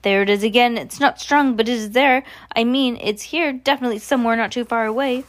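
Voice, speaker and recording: A woman's voice: mid-range voice, fairly quick. A woman reading aloud and voicing a tall female witch who urgently insists she smells something. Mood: alarmed. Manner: urgent, excited.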